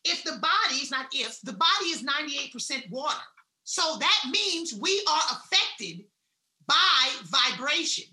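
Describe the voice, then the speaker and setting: A woman giving a blunt, salty motivational talk, swinging between loud emphasis and hushed asides. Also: high-pitched, big pitch swings, measured pace, echoey room. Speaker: wellness speaker.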